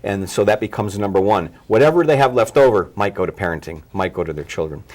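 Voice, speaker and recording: A man's voice: on the low side, expressive, fast talker, a little mellow. A man hosting a parenting talk show, thoughtfully summing up and framing questions for his guest. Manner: thoughtful, frequent restarts and fillers while framing questions. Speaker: host.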